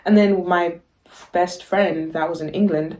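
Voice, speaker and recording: A woman's voice: on the low side, steady tone, measured pace, mellow. Young woman rambling in casual chat. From South Africa. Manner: rambling, full of fillers and restarts, laughs often. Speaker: podcast co-host.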